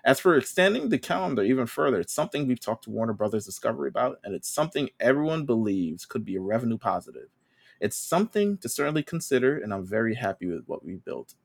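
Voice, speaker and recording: A man's voice: medium pitch, very animated, fast, gravelly. A man doing an impression of a male wrestling company boss who talks in formal, careful press-statement phrases. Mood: earnest.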